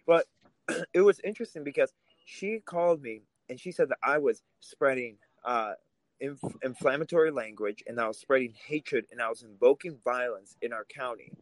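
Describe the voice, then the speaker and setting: A man's voice: medium pitch, animated, moderate pace, no echo, rough recording. A man co-hosts a political podcast in a heated, emphatic way, and he swears when riled. His voice sits mid-range and comes across close and dry, with no room sound around it. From Russia. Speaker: podcast co-host.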